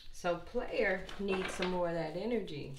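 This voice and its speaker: A woman's voice: fairly low pitch, measured pace. An older woman doing a casual tarot reading for viewers, playful and chatty, slipping into sung asides. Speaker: tarot reader. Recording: echoey room with faint noise.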